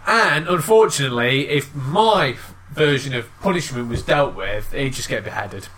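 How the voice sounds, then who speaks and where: A man's voice: mid-range voice, expressive, moderate pace, a bit bright. A man co-hosting a podcast, chatting crudely and laughing as he swears freely. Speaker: podcast co-host. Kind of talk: crude casual banter.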